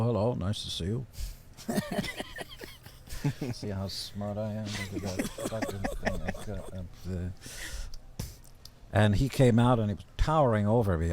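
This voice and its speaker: A man as a podcast guest telling casual stories in a blunt, profane, deadpan-boasting way. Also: on the low side, slight background noise. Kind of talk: casual storytelling.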